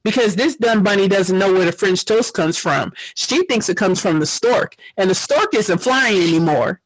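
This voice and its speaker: A woman's voice: medium pitch, animated, normal speed, dry recording, poor audio. A woman co-hosting a podcast, reacting with sassy, mock-outraged commentary in casual chat. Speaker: podcast co-host.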